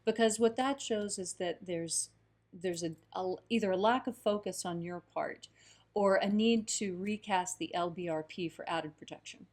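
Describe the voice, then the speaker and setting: A woman's voice: medium pitch, moderate pace, a little hiss or hum. Woman co-host telling a story. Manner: affirming, animated storyteller. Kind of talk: conversational teaching and storytelling.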